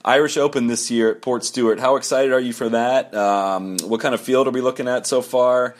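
A man's voice: medium pitch, steady tone, a little fast. A man hosting a casual podcast, asking loose, easygoing questions. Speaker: podcast host.

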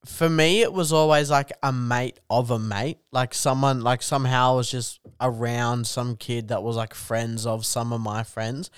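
A young comedian chats in a laid-back way, swearing constantly and calling everyone dude. His voice is smooth and clear, at a middling pitch. The recording is close and dry. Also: fairly even intonation, moderate pace, hardly any pauses, no room sound. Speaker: comedian guest. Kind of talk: casual chat.

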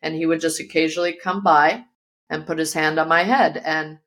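Low-voiced woman telling a vivid story. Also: fairly even intonation, a little fast, a bit bright. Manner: vivid storyteller who acts out quoted voices. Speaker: guest. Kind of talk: personal storytelling in an interview. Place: her yoga studio.

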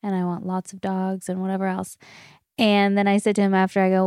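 A woman's voice: medium pitch, level tone, fairly quick, darkish tone, clear, resonant tone, no echo. Lady chatting solo on her podcast, laughs a lot, swears casually, dry close sound. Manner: chatty, gushing, laughs often. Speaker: podcast host.

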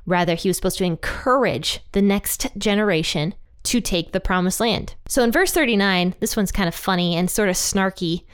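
A woman leads a casual Bible study in a relaxed, chatty way, often laughing and giving the quoted lines a playful voice. Her voice is smooth and clean, at an ordinary middle pitch for a woman. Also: moderate pace. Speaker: Bible teacher.

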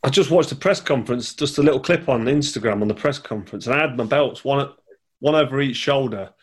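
A man's voice: mid-range voice, fast, breathy edge. A man, chatting casually over a call, rambling and repeating words. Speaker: podcast guest, former boxer. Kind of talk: casual chat.

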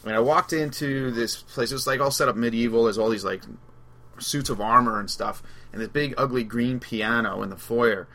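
Bright-voiced chatty male podcast host. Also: medium pitch, normal speed. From Long Island, New York. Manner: chatty storyteller, laughs through anecdotes. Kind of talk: casual chat.

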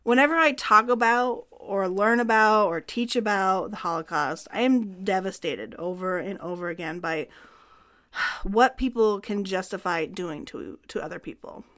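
A woman co-hosts a conversational history podcast in an earnest, explanatory tone. Her voice sits at a middle pitch and she talks through the material in a natural, unhurried way. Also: fairly bright tone. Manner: earnest, explanatory, reads quotes from laws. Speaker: podcast co-host.

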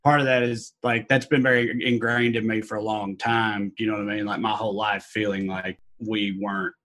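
A man in casual podcast chat, telling stories in an animated way with many fillers. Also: lowish voice, fairly quick.

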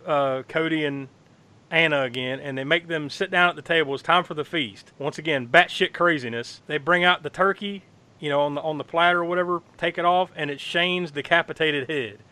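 A man in casual podcast chat, excitedly recapping a horror film, swearing freely, laughing often and acting out lines. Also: fairly high pitch, fairly quick, clean tone.

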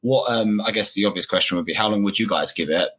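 Man, co-host, husky, fast, hesitant fillers. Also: fairly low pitch, fairly bright tone. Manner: hesitant, many fillers like you know and um. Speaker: podcast co-host. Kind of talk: casual chat.

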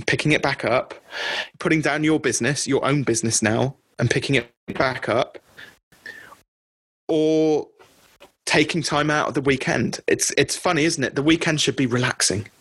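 Middle-aged man, a business coach speaking on a group call; pitched a little high, husky, dry close sound, chatty and keeps checking in. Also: moderate pace, fairly bright tone, no echo. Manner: conversational, often checks in with "okay?".

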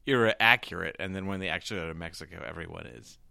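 A man's voice: low-pitched, fast talker, creaky, pushed and bright, dry recording, studio quality. A man co-hosting a podcast, chatting casually about a favorite movie, rambling and restarting his sentences. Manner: rambling, self-interrupting. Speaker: podcast co-host. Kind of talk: casual chat.

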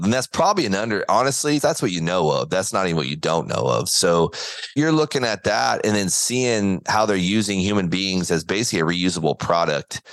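His deep voice comes through a dry recording as this former baseball pitcher, a guest on an interview podcast, earnestly recounts a story in conversation and performs the quoted lines.

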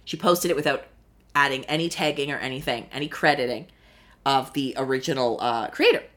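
A young woman casually recapping a reality show, snarky and profane, with sudden high exclamations. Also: brisk, fairly bright tone. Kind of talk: casual solo commentary.

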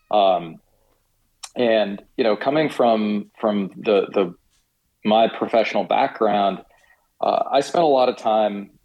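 A middle-aged man, a company founder guesting on a podcast, telling his story hesitantly with many pauses. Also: on the low side, a little mellow, rough recording. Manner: hesitant, many fillers and restarts. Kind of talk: casual podcast interview.

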